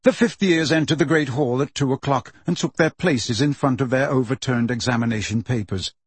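A man narrating an audiobook in steady storytelling. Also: mid-range voice, a little fast, breathy edge, no echo. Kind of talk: scripted narration.

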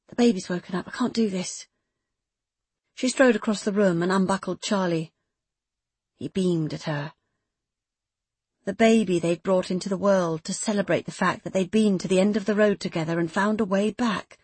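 A woman reading a novel aloud in measured, intimate scripted narration. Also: mid-range voice, darkish tone, slightly rough, dry recording. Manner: measured, intimate, close third-person storytelling. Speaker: audiobook narrator.

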